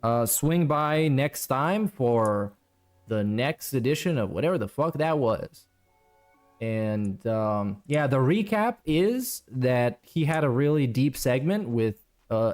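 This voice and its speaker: A man closing his stream with a hesitant, drawn-out recap. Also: medium pitch, lively intonation, a little mellow.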